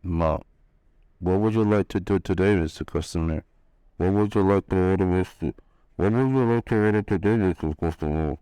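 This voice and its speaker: A man's voice: sits low, dark tone, clean tone, dry recording, natural voice, poor audio. A man doing a mumbling call-center agent. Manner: rushed, slurred mumbling.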